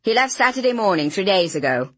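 A woman voicing a blunt male village innkeeper answering the phone, husky-voiced. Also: medium pitch, sing-song, brisk, fairly bright tone, no room sound. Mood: curt. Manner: curt, blunt.

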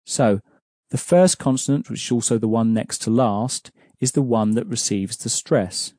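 A man leads an audio language lesson in a mellow, dark voice. He explains each rule patiently and keeps prompting the listener with questions. The sound is dry and close. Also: mid-range voice, moderate pace, no echo. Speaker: language teacher.

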